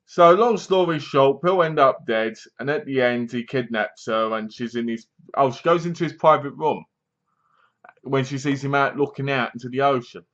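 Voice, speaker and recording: A man retelling a horror movie plot for his review vlog, rambling and loose, with lots of fillers. His voice sits at a middling pitch. The recording is dull and lo-fi. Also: normal speed, a bit bright. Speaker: film reviewer. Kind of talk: casual film review vlog.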